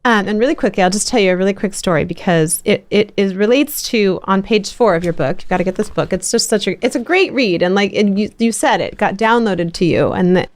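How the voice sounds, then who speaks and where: Woman, middle-aged podcast host, lively rambling storyteller. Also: medium pitch, a little fast, hardly any pauses. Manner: animated storyteller with many restarts. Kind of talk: casual interview chat.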